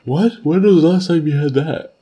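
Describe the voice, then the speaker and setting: A man co-hosting a podcast, teasing and firing off quick questions in casual chat. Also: fairly high pitch, mellow. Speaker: podcast co-host.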